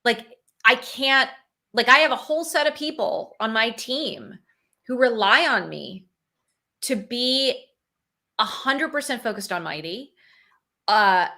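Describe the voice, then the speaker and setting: A woman business founder talks as an interview guest with a bright, crisp tone. She reasons out loud in a casual way and keeps slipping in "like" and "you know". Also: a little high, slow pace. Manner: thoughtful, fillers like "like" and "you know". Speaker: guest, company founder and CEO. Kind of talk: conversational interview.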